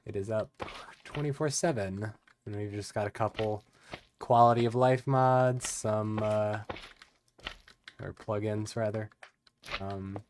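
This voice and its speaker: A man's voice: on the low side, takes it slowly, pauses often, slight background noise. A man casually chatting on his live stream as he plays, in a rambling, laid-back way with lots of filler words. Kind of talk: casual live-stream chat while gaming.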